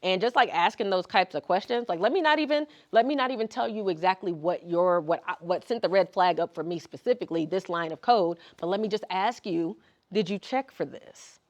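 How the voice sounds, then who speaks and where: A woman speaking as guest presenter at a tech meetup, talking casually and acting out questions in an animated way. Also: on the low side, fairly quick, dull audio. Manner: animated, conversational, acts out questions. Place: meetup room.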